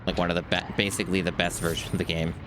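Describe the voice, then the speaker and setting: A man's voice: low voice, little pitch movement, racing, heavy background noise. A man streaming a playthrough of a game, talking casually in a dry, self-deprecating way and swearing often. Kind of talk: casual gameplay commentary.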